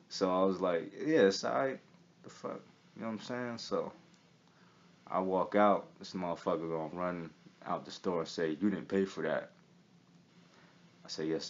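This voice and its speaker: Young man, very deep voice, swaggering profane storyteller; lo-fi recording with light hiss. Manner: profane, streetwise, keeps asking "you feel me". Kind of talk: casual storytelling. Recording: slightly dull recording with faint hiss.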